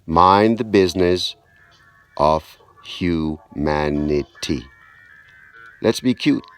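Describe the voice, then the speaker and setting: A man delivering a spoken-word preaching monologue, slow and deliberate with repeated emphasis. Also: low-pitched.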